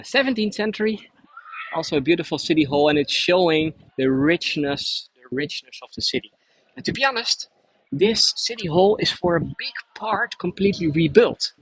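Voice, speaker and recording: A man's voice: on the high side, a bit bright, slightly rough, poor audio. A Dutch man, a native Dutch speaker using English, guides a cycling tour of a city outdoors and explains at length with frequent restarts. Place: outdoors in a city square, riding a bike.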